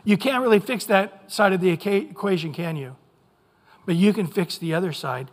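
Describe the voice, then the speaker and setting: Man preaching, high voice, fervent and emphatic, long hall reverb. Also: moderate pace. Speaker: pastor. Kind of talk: sermon. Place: church sanctuary.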